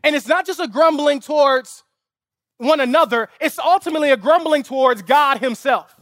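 A man with a very high voice preaches a sermon as pastor at an outdoor lawn service, speaking at a moderate pace in a slightly bright tone. He tells a family story vividly and builds to impassioned, emphatic, repeated rhetorical appeals. The sound is clean studio quality with no room sound.

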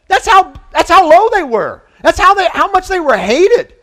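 Male pastor with a high voice, preaching in a loose conversational way, punching up key lines and dropping low for quiet points. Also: moderate pace. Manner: conversational, animated preaching with restarts and asides; swings from loud emphasis to quiet low delivery. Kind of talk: sermon.

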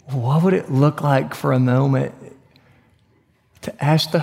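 A man preaching a sermon, moving between hushed whispers and bright, emphatic declarations. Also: medium pitch, steady tone, a little slow, gravelly, pauses often. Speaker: pastor. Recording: long reverb of a large hall.

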